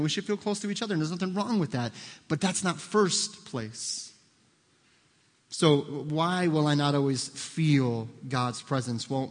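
A male pastor preaches in a slightly high voice, earnest and emphatic, and circles back to repeat his main points. His words ring out with a long hall reverb, as if recorded in a large church sanctuary. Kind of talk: sermon.

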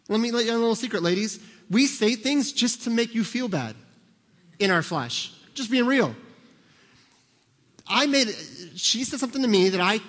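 A man preaching a sermon as a pastor, animated and acting out little scenes, sometimes shouting for emphasis. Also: high voice. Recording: long hall reverb.

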